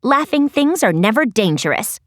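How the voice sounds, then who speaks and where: Woman voicing bossy princess Lizzie, low and haughty. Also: very animated, normal speed, dry recording, clean studio sound. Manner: commanding, clipped, haughty. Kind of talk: audiobook character voice.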